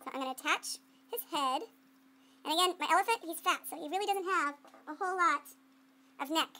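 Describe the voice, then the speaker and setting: A woman's voice: very high voice, a little fast, pushed and bright. A woman art teacher giving a playful running commentary while she demonstrates clay sculpting to students.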